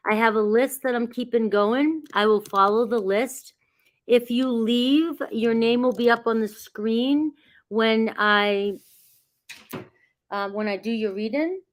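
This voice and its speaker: A woman's voice: a little high, slow pace. Chatty woman reading tarot live. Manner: chatty, greets viewers by name, laughs often; reassuring, grounding spiritual guidance. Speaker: tarot reader. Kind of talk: casual livestream chat.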